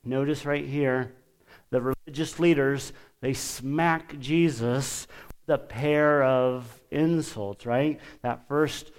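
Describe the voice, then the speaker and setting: A man preaching a sermon, emphatic and deliberate, pausing often and lifting his voice when quoting scripture. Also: medium pitch, fairly even intonation, clean tone. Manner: lifts his voice for quoted scripture.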